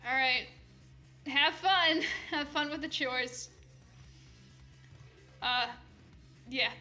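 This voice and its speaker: A young woman reads fanfiction aloud for laughs. She rambles, swears and cuts herself off mid-thought. Her voice is high and bright, with faint music behind it. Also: drawn-out words. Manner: rambling, swearing, self-interrupting. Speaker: fanfic reader. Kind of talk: casual comedic reading.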